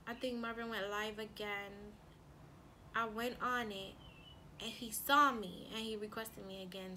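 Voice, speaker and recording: Bright-voiced woman telling a story. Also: mid-range voice, slight background noise. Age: adult with a son. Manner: animated, lots of "like" and quoted self-talk. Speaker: relationship coach and vlogger. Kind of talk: casual storytime chat.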